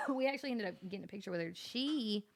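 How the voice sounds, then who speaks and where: A woman's voice: on the high side, expressive, quick pace. A woman guest on a podcast, chatting and telling stories in a rambling, filler-heavy way. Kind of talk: casual chat.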